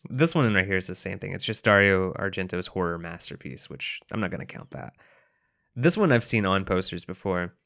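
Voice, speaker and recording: A man's voice: low-pitched, expressive, a little fast, gravelly, a bit bright. Easygoing male podcast co-host. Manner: easygoing, laughs often, reads out quotes. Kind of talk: casual chat.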